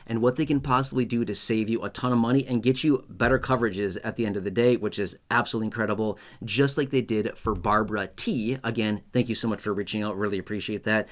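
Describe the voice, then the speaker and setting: A man's voice: lowish voice, fairly even intonation, fast talker, hardly any pauses. A man hosting his own video channel, talking straight to his viewers in a chatty, repetitive and emphatic way. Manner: chatty, repetitive, emphatic, acts out skits in raised voice. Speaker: YouTube host. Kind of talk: casual direct-to-camera talk.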